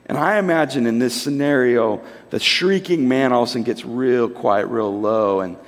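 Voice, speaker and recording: A man in his thirties preaching a sermon in a conversational, animated storytelling way. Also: medium pitch, normal speed. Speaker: pastor. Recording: long hall reverb.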